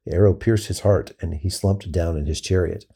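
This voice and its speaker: Deep gravelly man reading scripture. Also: normal speed, mellow. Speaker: scripture reader.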